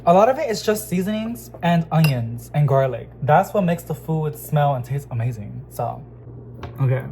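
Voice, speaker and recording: A man chatting casually to his viewers in a home vlog, excitable and talkative, calling them y'all. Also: a little high, normal speed, gravelly, slight background noise. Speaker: plant vlogger. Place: home kitchen. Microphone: phone camera.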